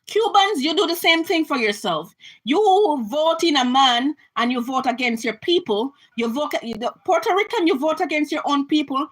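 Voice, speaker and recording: A woman's voice: high voice, animated, moderate pace, poor audio. A Jamaican woman giving an impassioned political rant to her camera, emphatic and repetitive, often restarting her sentences. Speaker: vlogger.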